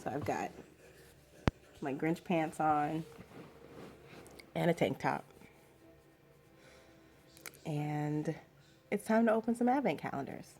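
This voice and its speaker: A woman's voice: low voice, animated, takes it slowly, long pauses, a little mellow, faint music behind. A young woman vlogging at home in a casual, rambling chat with lots of fillers.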